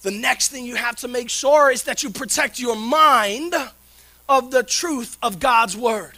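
A man preaching a sermon in a conversational, animated storytelling way, checking in with the listeners by asking "right?". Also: very high voice, measured pace. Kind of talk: sermon with personal stories.

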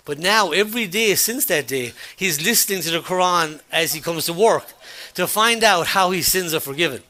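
Bright-toned man preaching conversationally. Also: sits high, moderate pace. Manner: conversational, with frequent restarts and chuckles; quotes dialogue in an animated retelling. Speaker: pastor. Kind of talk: sermon with personal story.

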